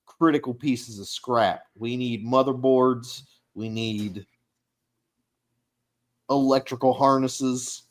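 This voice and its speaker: A man's voice: mid-range voice, takes it slowly, long pauses. A man running a tabletop role-playing game, casual and joking, laughing often and swearing. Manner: laughs often, swears, slips into characters' voices. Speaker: game master.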